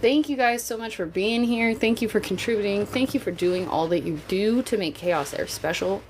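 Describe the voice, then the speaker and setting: Over a noisy background, a woman talks at medium pitch and normal speed. A mom on a livestream, she jokes around casually with her audience, speaks frankly, and lets the odd swear word slip.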